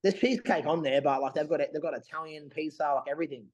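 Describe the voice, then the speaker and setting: A man co-hosting a casual podcast chat, an animated storyteller who acts out what people said. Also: a little high, fast talker, rough recording. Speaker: bodybuilder and podcast co-host.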